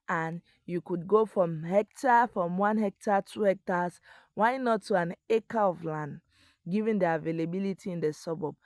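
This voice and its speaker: Woman with a dry, low voice. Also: darkish tone, no room sound. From Africa. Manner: earnest instructional, addresses viewer directly. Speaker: agriculture video host. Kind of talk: voice-over explaining crop farming.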